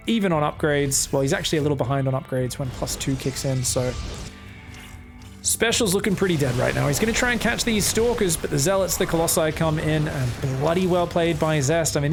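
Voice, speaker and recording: An Australian man giving solo commentary on a video game match, excitable and joking, with frequent swearing. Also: a little high. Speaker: esports caster.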